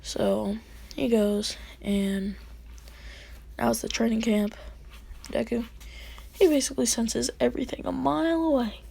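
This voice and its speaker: A woman's voice: fairly high pitch, steady tone, measured pace, creaky, long pauses, mellow, husky. A woman casually telling a fan scenario in rambling, slangy narration full of fillers.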